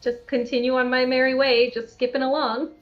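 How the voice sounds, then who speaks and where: A woman playing a tabletop game, thinking aloud in a deliberate way. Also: sits high, flat delivery, lo-fi sound, faint music behind. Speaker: player.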